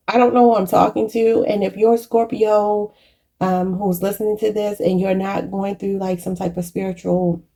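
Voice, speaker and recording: A woman's voice: mid-range voice, mellow. A woman giving a channeled tarot reading, emotional and preachy, choked up and near tears, calling her viewers y'all. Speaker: tarot reader.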